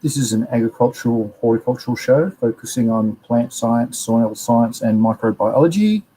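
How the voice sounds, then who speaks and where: Relaxed Australian man, rambling host. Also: medium pitch, moderate pace, breathy edge, low-quality recording. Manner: relaxed, rambling, chatty with slang. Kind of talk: casual live-stream chat, reading chat messages.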